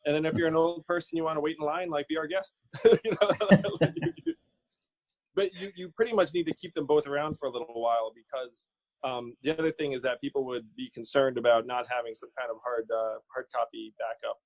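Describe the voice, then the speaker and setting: A man's voice: mid-range voice, fairly even intonation, brisk, darkish tone, dry recording. A man being interviewed as a political candidate, talking casually and animatedly, quoting people in his stories and laughing easily. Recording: dull lo-fi audio.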